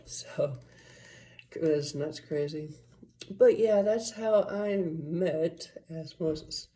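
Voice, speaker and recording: Speaking slowly in a low, mellow voice, this woman from around Las Vegas rambles through a personal story. Her style is loose and profane, packed with filler words and side comments.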